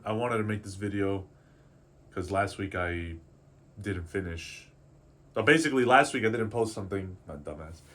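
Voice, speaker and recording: In a confessional vlog, a male artist in his twenties rambles candidly, second-guessing himself and swearing offhandedly as he processes how he feels. His voice is fairly low and a bit bright. There's faint background noise.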